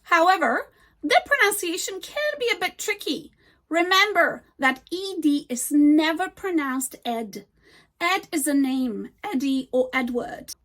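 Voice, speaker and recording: A high-pitched woman gives a scripted English grammar lesson. She slows right down to model each example word with care. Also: big pitch swings, a bit bright. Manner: slow, deliberate modeling of example words. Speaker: English teacher.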